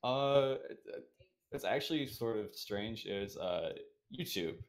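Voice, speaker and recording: A man's voice: fairly low pitch, animated, unhurried. A man being interviewed as a podcast guest, answering casually with many fillers and self-deprecating remarks.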